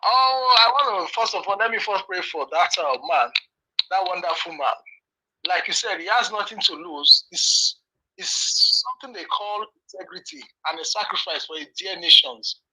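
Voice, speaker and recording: Man phoning in, piercing bright tone, pious preacher cadence. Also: high-pitched, expressive, normal speed, low-quality recording. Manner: prayerful, preacherly, blessing-heavy. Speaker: caller. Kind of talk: call-in comment.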